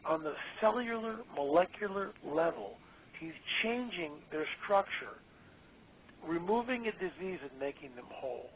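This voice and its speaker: A man speaking as a guest on a radio interview, emphatic and excitable, often repeating his words. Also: on the high side, unhurried. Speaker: guest author. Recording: tinny phone line.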